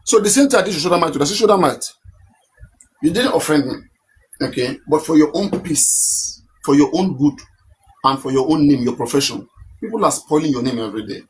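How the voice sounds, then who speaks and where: A man's voice: on the high side, expressive, fairly quick, slight background noise. A man with a Nigerian accent hosting a live stream, explaining at length and repeating himself to make his point. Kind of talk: casual live-stream talk.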